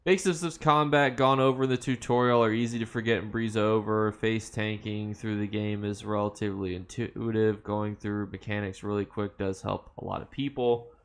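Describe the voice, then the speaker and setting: A young American man chatting on a game livestream in a slightly low voice. He reads viewer comments aloud and answers them in loose, rambling bits full of "like" and "um." He laughs easily. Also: steady tone, moderate pace, clean tone. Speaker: livestream host. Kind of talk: casual livestream chat reading viewer comments.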